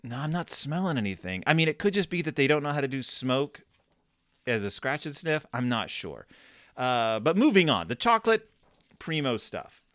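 Animated, wry man doing comedic commentary. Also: medium pitch, normal speed, no room sound, studio quality. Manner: wry, jokey, animated storytelling. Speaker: host reviewing a scratch-and-sniff storybook.

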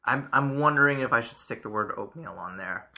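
A man in a relaxed tasting chat, describing a beer's flavors, often trailing off and restarting. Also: medium pitch, fairly quick, vocal fry. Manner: easygoing, trails off, laughs easily. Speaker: beer taster.

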